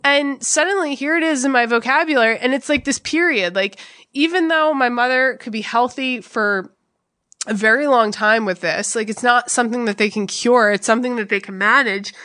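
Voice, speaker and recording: A young woman co-hosts a podcast and tells her story in candid, conversational bursts. She is raw and blunt and swears freely. Her voice is bright and sits a little high. The studio sound is close and dry. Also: normal speed, no echo. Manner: emotional, blunt and profane. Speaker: podcast co-host.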